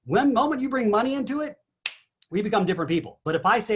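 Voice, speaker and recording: A man giving an energetic motivational talk as a guest on a business call, animated and emphatic. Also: high-pitched, quick pace, husky. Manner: animated, emphatic, punchy exclamations.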